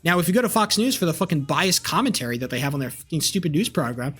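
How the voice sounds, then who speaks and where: A man's voice: a little high, very animated, fast, fairly bright tone, breathy edge, faint music behind. A man in his twenties, a streamer, ranting angrily at his live chat with lots of swearing and repetition. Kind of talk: heated rant to live chat.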